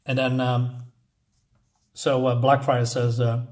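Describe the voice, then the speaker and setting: A man casually recapping a comic issue, halting often with fillers and unsure asides. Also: mid-range voice, level tone, a little mellow. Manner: hesitant, many fillers and restarts, unsure asides. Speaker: comic book reviewer.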